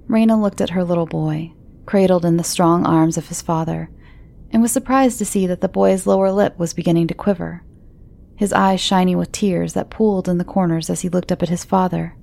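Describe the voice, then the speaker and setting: Woman narrator for horror fiction, low and gravelly, calm and measured.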